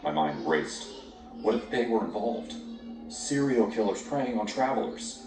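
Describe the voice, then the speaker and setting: A man tells a scripted horror story in a very deep voice that rises and falls with dramatic swings. He lingers on the grim details. The recording is distant and roomy, with music playing behind him. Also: big pitch swings, a little slow.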